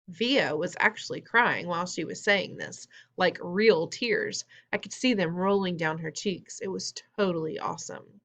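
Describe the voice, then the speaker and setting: Lady reading a kids' story out loud, chatty, voice a bit low. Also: moderate pace, few pauses. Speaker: audiobook reader. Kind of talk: first-person storybook narration.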